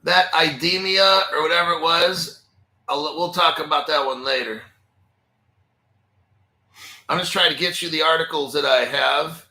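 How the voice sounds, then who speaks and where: A man's voice: fairly high pitch, fairly even intonation, measured pace, pauses often, bright, forceful tone. A man hosting a crypto channel, rambling in a profane, conspiratorial way and talking back to himself while sharing his screen. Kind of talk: rambling screen-share commentary. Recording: echoey room.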